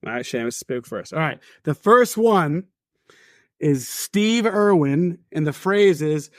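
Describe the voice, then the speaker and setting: A man's voice: on the high side, lively intonation, slow, dry recording, studio quality. A man co-hosting a podcast, running an impression game and laughing often. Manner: laughs a lot, playful game-show judging. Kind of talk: casual chat.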